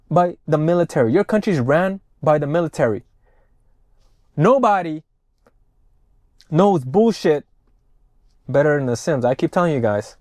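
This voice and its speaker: High-voiced ranting male commentator. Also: expressive, measured pace, long pauses, darkish tone, dry recording, studio quality. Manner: profane, ranting, emphatic. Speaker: political commentator. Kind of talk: news reaction commentary.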